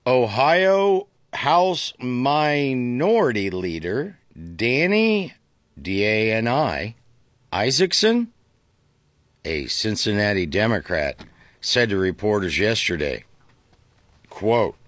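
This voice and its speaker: A man's voice: lowish voice, big pitch swings, slow, a bit bright, no room sound. A male talk show host reading the news aloud with sarcastic, mocking asides.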